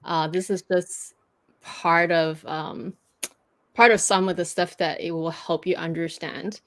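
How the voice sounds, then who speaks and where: A native French-speaking woman hosts a casual livestream, patiently explaining French pronunciation. Her voice is on the low side, steady, and measured in pace, with frequent fillers and restarts.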